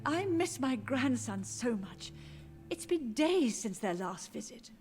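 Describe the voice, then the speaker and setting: Frail elderly mother in a video game, high and wavering, lively swings in pitch, wistful and confused, soft music behind. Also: slow pace. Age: older. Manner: wistful, drifting, quietly confused.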